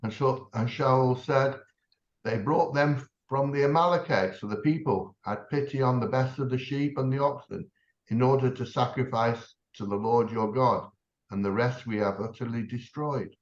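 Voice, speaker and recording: A man reading verses of scripture aloud in a steady, measured way. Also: medium pitch. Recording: echoey, dull, from far off.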